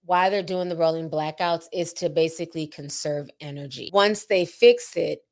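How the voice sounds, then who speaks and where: A woman's voice: low voice, moderate pace, darkish tone. A woman from Minnesota chatting casually and explaining things at length in an informative way. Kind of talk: casual chat.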